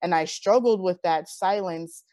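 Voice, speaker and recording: Unhurried and lowish in pitch, a woman in her thirties guests on an interview and shares personal stories. Her animated retelling feels earnest and heartfelt, and the studio-quality sound has no room reverb.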